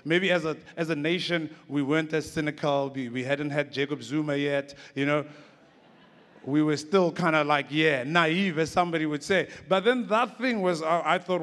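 A man's voice: a little high, steady tone, moderate pace, a bit bright, in a large hall. A man in his forties, a comedian giving a rambling, casual storytelling talk on stage. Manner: casual, rambling, lots of restarts and "like".

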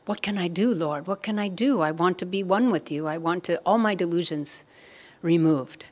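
A woman's voice: fairly low pitch, a little slow, darkish tone, lightly acted. A woman voicing an indignant, proud young male devotee who pleads in a breathless, raised voice. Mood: pleading.

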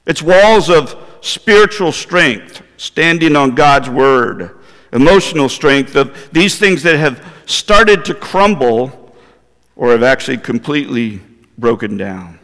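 Conversational pastor, church hall reverb. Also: male voice, mid-range voice, animated, slow, a bit bright. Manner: conversational, asks the congregation questions. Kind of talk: sermon. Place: church sanctuary.

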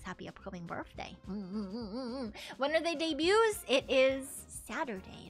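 A woman VTuber streamer chatting casually and excitedly with her viewers, swearing freely and laughing often. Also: on the high side, measured pace, hardly any pauses, soft background music. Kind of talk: casual livestream chat with viewers.

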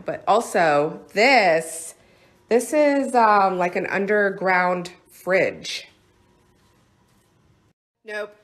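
Bubbly woman blogger vlogging on her phone around the house, chatty and excitable. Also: medium pitch. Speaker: lifestyle blogger. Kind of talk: casual phone vlog. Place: house interior.

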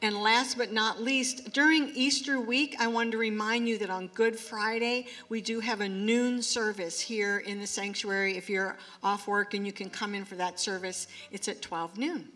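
Bright upbeat woman reading church notices. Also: mid-range voice, steady tone, moderate pace, hardly any pauses. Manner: friendly, upbeat. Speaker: church announcer. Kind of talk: church announcements. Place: church sanctuary.

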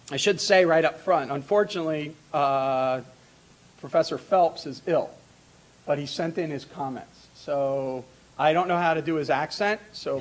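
A middle-aged man introducing a panel in a lecture hall, talking informally with many fillers, restarts and asides. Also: fairly high pitch. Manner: informal asides with light laughter.

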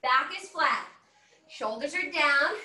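A woman's voice: sits high, animated, slow pace, sharp tone. A woman fitness instructor leading an online workout class, cheering and coaching while she exercises, a bit out of breath. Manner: upbeat coaching with whooping cheers. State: slightly out of breath. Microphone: laptop mic on a video call, at a distance. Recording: roomy and distant from the mic.

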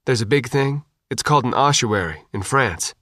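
A man voicing a calm, grim female petty officer who speaks low and matter-of-fact. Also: normal speed, no echo, studio quality, close to an everyday voice.

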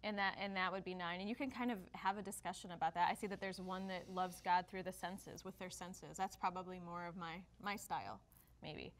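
A woman's voice: on the low side, fairly even intonation, fairly quick. A woman co-hosting a casual devotional chat for a church staff, speaking reflectively with frequent restarts and fillers.

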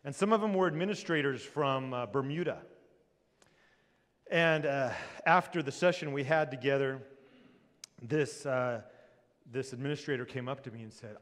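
A male pastor preaching a sermon with lively delivery, rising loud and dropping to a hush. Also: on the high side. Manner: lively preaching, swings between loud and hushed. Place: church sanctuary. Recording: long reverb of a church hall.

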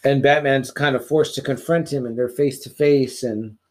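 A man's voice: medium pitch, fairly even intonation, normal speed. A man co-hosting a podcast, mostly agreeing and adding short remarks to a comic discussion. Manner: agreeable, backs up the other host with short affirmations. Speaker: podcast co-host. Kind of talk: casual chat.

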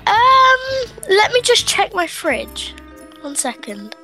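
A woman puts on a high-pitched young friend who dodges questions. The voice is bright and swoops up and down. Faint background music plays under it. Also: big pitch swings, slow pace, heavily acted. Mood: evasive. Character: young woman friend hiding a theft, evasive.

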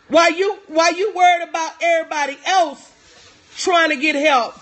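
A middle-aged woman business coach addresses her livestream viewers with preachy, emphatic motivational talk. She repeats her key lines and greets people by name, her voice high-pitched and a bit bright.

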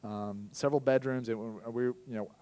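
A young man giving a personal testimony sermon as a pastor in a church, telling his story candidly with sudden loud bursts. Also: medium pitch, fairly even intonation, moderate pace.

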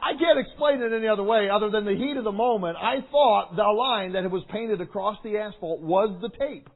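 Animated preacher man, tinny sound. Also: sits high, brisk. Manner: animated, acts out the story with shouts and sound effects. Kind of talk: storytelling sermon. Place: large meeting hall.

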